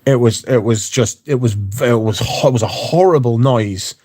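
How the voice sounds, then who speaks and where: During his livestream, a man chats informally with viewers and wanders through anecdotes heavy on cursing and filler words. He speaks at normal speed in a medium-pitched, slightly mellow voice.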